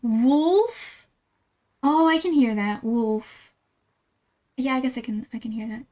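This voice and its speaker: A woman's voice: high voice, lively intonation, a little slow, mellow. A young woman livestreaming a game and chatting with viewers in a playful, giggly way, often flustered and laughing. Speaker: streamer. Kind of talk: casual live-stream chat with viewers.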